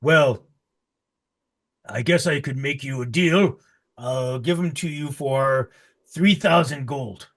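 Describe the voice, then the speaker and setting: A man's voice: mid-range voice, slow pace, long pauses, fairly bright tone. A man voicing a big, nervous and greedy half-orc horse trader who stammers while he haggles. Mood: haggling.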